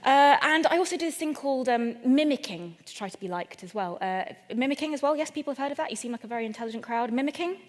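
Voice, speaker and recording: A woman's voice: sits high, expressive, quick pace, hardly any pauses, big-room sound. A woman from England doing a stand-up comedy talk, chatty, playful and self-deprecating, speaking straight to a live audience. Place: event venue in front of a live audience.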